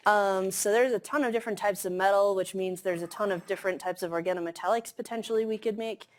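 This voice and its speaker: A woman's voice: mid-range voice, fairly even intonation, fast talker. A woman giving a chemistry lecture in a classroom, explaining casually with many fillers. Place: lecture hall.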